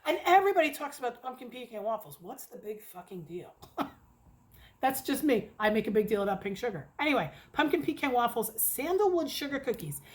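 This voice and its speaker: A middle-aged woman from the United States chatting casually at home about wax she has tried, excitable and cursing now and then. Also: high voice, fast talker, few pauses. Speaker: wax reviewer. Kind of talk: casual chat. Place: home near an airport.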